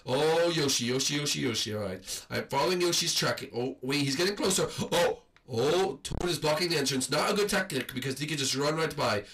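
A man hosting a game video in excitable let's-play commentary, swinging from hushed nervous murmurs to high shrieks. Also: a little fast, few pauses, far from the mic. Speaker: gaming channel host.

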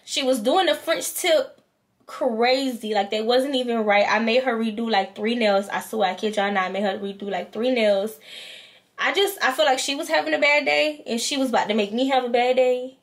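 A woman's voice: fairly high pitch, moderate pace. A woman vlogger, animatedly telling a storytime and acting out both sides. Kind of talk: storytime vlog.

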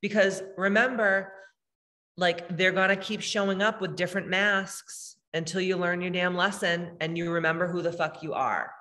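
A woman's voice: on the low side, level tone, moderate pace, a bit bright, in a large hall. A woman spiritual healer hosting a live meditation, talking casually and bluntly with lots of swearing as she reads chat comments. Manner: blunt, profane, emphatic.

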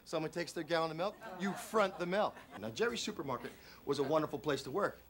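A man's voice: fast talker, crowd noise, natural voice. A man playing a showy infomercial self-help guru. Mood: confessional. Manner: showman pitch, repetitive motivational cadence. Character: flamboyant middle-aged male infomercial self-help guru. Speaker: infomercial host. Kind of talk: film infomercial performance.

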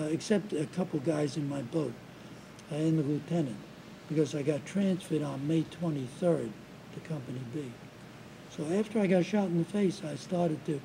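An older veteran in his seventies tells his war story in an interview. He speaks haltingly and often repeats words as he restarts. His voice is raspy and gravelly, with a dark, mellow tone and a faint hiss behind it. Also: a little high, poor audio. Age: 70s. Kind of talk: recounting war memories in an interview.

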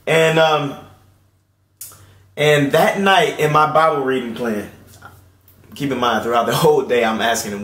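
A man in his late twenties giving an earnest personal faith testimony at home. He moves between hushed, tearful passages and loud, excited ones. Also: medium pitch, a little slow, pauses often, echoey room. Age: late 20s. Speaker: Christian video host. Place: indoor room at home.

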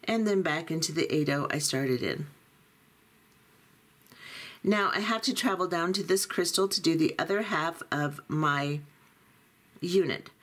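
A woman teaching a beading tutorial, calmly talking through each step as she works. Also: low-pitched, measured pace, long pauses. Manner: calm, methodical, talks through each step. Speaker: beading instructor.

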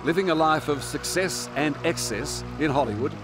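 A man's voice: on the high side, normal speed. A man with an Australian accent giving punchy, scripted TV narration. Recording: voice-over over loud music.

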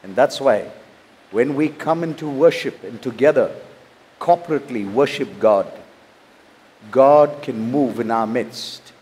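A man's voice: mid-range voice, animated, a little slow, long pauses, darkish tone, husky. A man, a pastor from India, preaching a sermon, reading scripture and asking rhetorical questions. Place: church.

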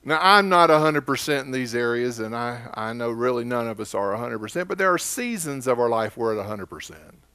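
A man's voice: mid-range voice, fairly quick, hardly any pauses, bright, forceful tone, clear, resonant tone. A man with an Oklahoma accent preaching a sermon as pastor, telling stories in a folksy, conversational way.

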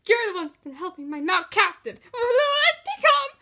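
A pompous young prince voiced by a woman declaims in a grand, heroic way. The voice is very high and bright, with a lively pitch. It plays like a homemade fan movie. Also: moderate pace, heavily acted. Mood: indignant.

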